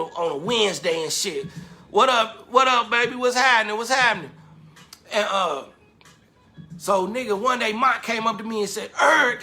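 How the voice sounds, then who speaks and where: A man casually telling a lively, slangy story about his club days and acting out the quotes. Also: high-pitched. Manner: animated, slangy, acts out quotes with laughter.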